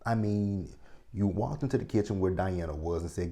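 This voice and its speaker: A man's voice: sits low, normal speed, vocal fry, mellow. A man in his thirties recapping and reviewing a TV episode in casual talk, blunt and profane, often checking in with his viewers. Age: 30s. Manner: blunt, profane, ranting commentary; talks straight to viewers, checking in with "right?".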